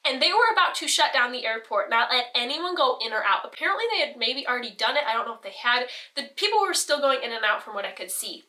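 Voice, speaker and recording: A teenage girl tells a story in a rambling, self-deprecating way, laughing here and there. Her voice is bright and sits a little high. She is set back a bit from the microphone. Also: recorded from a distance. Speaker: vlogger. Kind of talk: casual storytelling.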